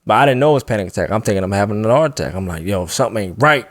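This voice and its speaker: A man telling a story in casual chat, animated and laughing often, acting out the voices of the people in it. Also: fairly low pitch, rapid-fire, dry recording, clean studio sound.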